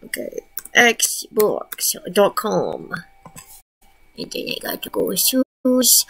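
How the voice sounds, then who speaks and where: A woman's voice: mid-range voice, huge pitch swings, very slow, gravelly, fairly bright tone, breathy edge. A young woman streaming a casual chat, talking baby talk to her pets and cursing offhandedly.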